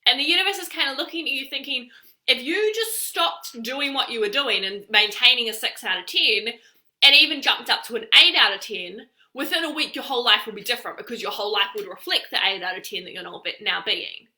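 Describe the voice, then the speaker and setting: Woman, life coach, high voice, very bright tone, chatty with lots of "like". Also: brisk. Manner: chatty, with many filler "likes". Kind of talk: casual talk to camera.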